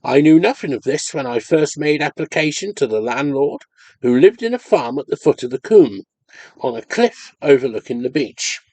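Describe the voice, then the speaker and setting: A man reading a ghost story aloud as an audiobook in expressive, measured storytelling. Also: a little high, no room sound. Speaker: audiobook reader. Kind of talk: scripted narration of a ghost story.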